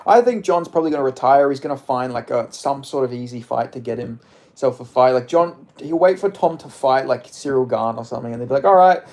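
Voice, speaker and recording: A man's voice: mid-range voice, a little fast, a little mellow. A man livestreaming and answering chat, mumbly and rambling, with lots of "like", into a phone set down a bit. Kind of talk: casual live stream chat.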